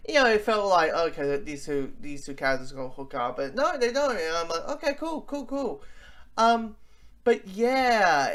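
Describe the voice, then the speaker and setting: Movie reviewer, casual talk, rambling, enthusiastic, lots of restarts, mid pitch. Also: a bit bright. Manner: rambling, with many fillers and restarts.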